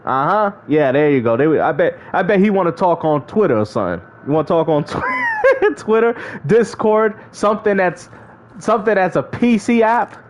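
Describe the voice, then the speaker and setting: A high-pitched man on a gaming livestream, teasing and trash-talking his rivals in casual slang. His voice jumps all over the place, laughing often and never slowing his jabs. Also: big pitch swings, slight background noise. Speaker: gaming streamer.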